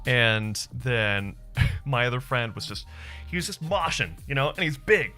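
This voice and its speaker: A man's voice: medium pitch, expressive, measured pace, sharp tone, faint music behind. A man in his thirties, live streaming, chatting casually with viewers and telling stories loosely, with plenty of swearing and laughter. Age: 30s. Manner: loose, profane storytelling with frequent laughs.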